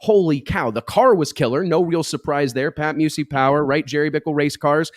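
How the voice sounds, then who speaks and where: A man's voice: fairly high pitch, brisk, no echo, clean studio sound. A middle-aged man hosting a casual drag racing talk show, enthusiastically running through race stats. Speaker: show host.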